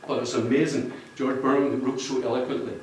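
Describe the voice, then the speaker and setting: This cover artist speaks briskly with a flat delivery in his mid-range voice, yet his launch speech is jokey and rambling, and he laughs at his own jokes. The audience fills a function room. Background noise, echo, and a distant mic mark the recording.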